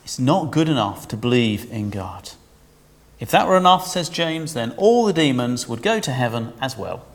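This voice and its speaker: A man preaching a sermon in a lively, conversational way, asking his listeners questions. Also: medium pitch, normal speed, in a large hall.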